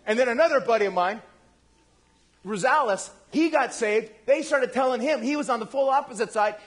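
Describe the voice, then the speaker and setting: A male pastor preaching a lively, conversational sermon, speaking directly to his congregation and acting out the voices he quotes. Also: very high-pitched, normal speed, breathy edge. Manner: animated, acts out quoted voices.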